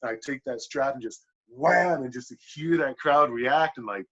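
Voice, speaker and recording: A man on a podcast telling a wrestling story in casual, animated talk, swearing a lot and filling with "like". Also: medium pitch, moderate pace. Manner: animated, profane, lots of "like" fillers. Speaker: podcast guest, pro wrestler. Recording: dull lo-fi podcast audio.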